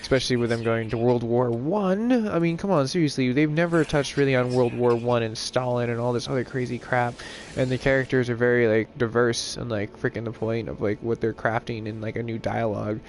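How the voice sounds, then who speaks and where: A man's voice: medium pitch, fairly quick, a little hiss or hum. A young man chatting casually while streaming a game, rambling and swearing, full of filler words. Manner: rambling, profane, lots of "like" fillers. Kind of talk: casual gaming stream chat.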